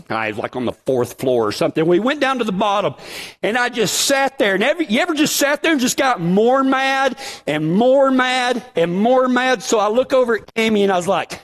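A man's voice: extremely high pitch, big pitch swings, normal speed. A middle-aged man preaching a casual sermon, telling personal stories in a chatty, self-deprecating way.

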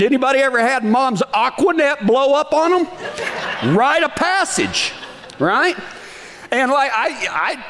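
A man's voice: sits high, fairly bright tone. A man telling a folksy story in a sermon, often asking the audience questions. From Texas.

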